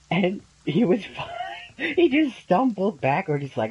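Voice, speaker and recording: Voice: mid-range voice, sing-song, slow pace, pauses often, a little mellow, slightly rough, highs cut off. A young adult gaming channel host giving casual gameplay commentary, telling stories in a rambling way with lots of ums and sudden bursts of laughter.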